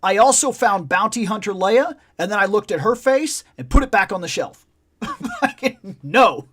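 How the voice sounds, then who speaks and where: A man's voice: high-pitched, moderate pace, husky. Swearing man hosting a casual stream. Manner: profane, animated storytelling. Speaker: podcast host. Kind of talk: casual livestream chat.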